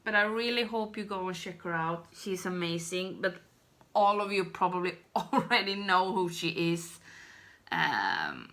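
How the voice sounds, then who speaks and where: Woman, 30s, slow, bright tone, rambling, giggly, self-deprecating vlog chat. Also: on the low side, expressive. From Sweden. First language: Swedish. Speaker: beauty YouTuber. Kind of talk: casual chat to camera.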